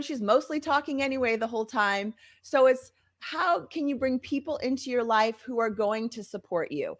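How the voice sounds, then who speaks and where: A woman co-hosting a podcast, chatting casually and encouragingly, acting out quoted voices with lively energy. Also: high-pitched. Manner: animated, acts out quoted voices. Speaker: podcast co-host.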